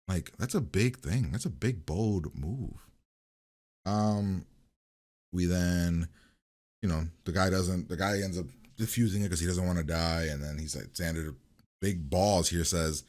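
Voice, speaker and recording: Casual low-voiced man recapping a show. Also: measured pace. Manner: animated, swearing, laughing asides. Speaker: reaction channel host.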